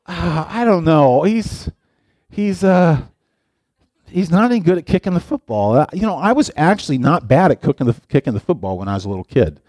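A man's voice: a little high, animated, brisk, a little mellow, no room sound, clean studio sound. A middle-aged man, a pastor, giving a playful, chatty sermon and talking directly to his listeners. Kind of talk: casual sermon.

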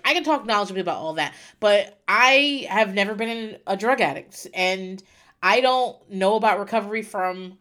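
A woman's voice: medium pitch, a bit bright. Chatty woman podcast host telling a story. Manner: chatty, tearful-then-laughing storyteller with frequent fillers. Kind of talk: casual personal storytelling.

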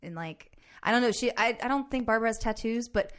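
A young woman, a musical theater actor, chatting casually with many likes and quick laughs. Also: on the high side. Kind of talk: casual chat.

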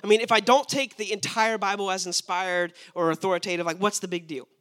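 A man's voice: high voice, fairly even intonation, brisk, fairly bright tone. A young man preaching a sermon, emphatic and asking his listeners rhetorical questions.

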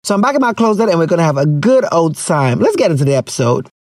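Lively, high-voiced Ghanaian podcast host. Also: male voice, fast. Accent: Ghanaian English. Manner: lively, joking, slips into local slang. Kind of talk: casual chat. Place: closet at home.

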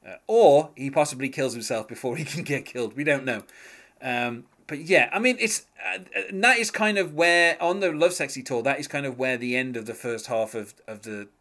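A man's voice: medium pitch, a little fast, fairly bright tone. A man chatting casually as a podcast host, rambling with many fillers and frequent chuckles. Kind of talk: casual music discussion.

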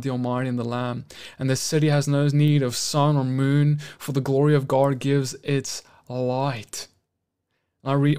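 A man with a South African accent preaching a sermon as pastor, earnest and building to loud, emphatic exhortation. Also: a little high, clean tone.

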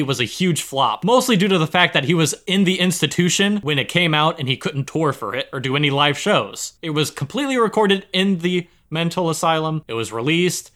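A man's voice: fairly high pitch, sharp tone. A man co-hosting a casual chat, telling a story in a jokey, profane way. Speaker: podcast co-host.

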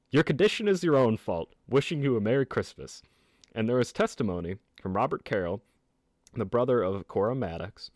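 A man tells a history story on a casual podcast, reading quotes with animated storytelling. His pitch swoops and bounces all over. The sound is dry and close, with no room around it. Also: dry recording. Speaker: podcast host.

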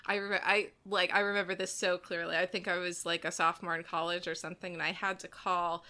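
Woman rambling thru a story, lots of likes, kinda low pitched but bright and forceful. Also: flat delivery, quick pace. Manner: chatty, many "like" fillers, rising into laughs. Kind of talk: casual chat.

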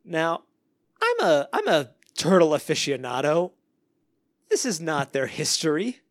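A man hosting a casual podcast chat, animated and laughing, mockingly reading lyrics aloud. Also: fairly high pitch, measured pace, no echo, studio quality. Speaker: podcast host.

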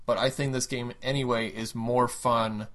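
A man co-hosting a casual gaming podcast, mid-pitched and easygoing. He rambles with excitement about games and cracks jokes with his co-host. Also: normal speed. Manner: enthusiastic, jokey, rambling.

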